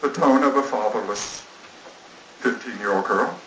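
A man's voice: medium pitch, normal speed, fairly bright tone. A man telling a personal story in a sermon, earnest and rambling, acting out the dialogue. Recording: roomy, distant mic, faint noise.

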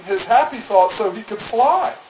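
A man preaching in a storytelling way, now and then doing the voices of the people in his story. His voice sits a little high for a man, and the room rings with echo over steady background noise. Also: moderate pace. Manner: storytelling, acts out voices in quotes. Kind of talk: sermon.

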